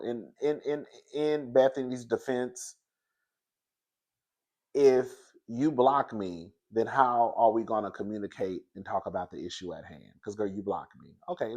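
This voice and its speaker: A man giving casual commentary on a reality show in an animated, chatty way, laughing often and calling the listener girl. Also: lowish voice. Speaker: reality TV reviewer.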